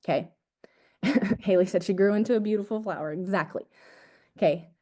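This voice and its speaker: A young woman, an agency owner, gives an energetic, casual motivational talk to her team over a video call, repeating her points and calling them "guys". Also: medium pitch, moderate pace. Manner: energetic, repetitive, casual slang like "dude" and "guys".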